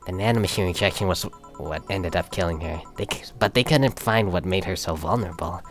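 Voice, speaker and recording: Male fan as a subdued young woman, measured and soft-spoken, low-pitched, light music behind. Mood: somber. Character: calm young woman, grieving sister, matter-of-fact. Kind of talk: fan voice acting of a visual novel.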